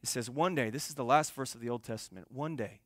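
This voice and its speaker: A young man preaching a sermon, telling a story and swinging between soft, quiet passages and loud, emphatic ones. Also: mid-range voice, quick pace, no echo. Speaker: pastor.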